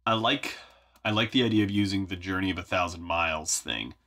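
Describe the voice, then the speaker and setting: A man's voice: low-pitched, fairly quick, pushed and bright. A man hosting a songwriting vlog from his home studio, talking casually in a wry, self-mocking way as he thinks aloud while working. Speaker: songwriter and video host.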